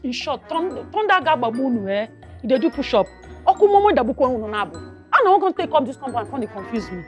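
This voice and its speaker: A woman's voice: high voice, big pitch swings, fast. An actress playing a brash young woman who mocks and threatens a lecturer, speaking with a Nigerian Pidgin accent in a comedy series. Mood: bewildered. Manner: brash, mocking, switching into Pidgin. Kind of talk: Nollywood comedy acting. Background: music.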